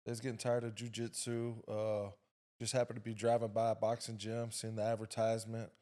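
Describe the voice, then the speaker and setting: A man's voice: fairly low pitch, completely flat delivery, fairly quick, dark tone. A middle-aged man, a guest on a podcast, telling a story in a laid-back way with lots of "uh" fillers. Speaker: guest, boxer's father. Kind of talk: casual interview.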